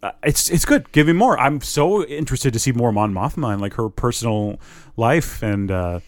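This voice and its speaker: Male co-host, mid-pitched, eager fan, stammers and restarts, dry close mic. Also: lively intonation, moderate pace, dry recording. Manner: enthusiastic, hesitant with stammered restarts. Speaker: podcast co-host. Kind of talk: casual chat.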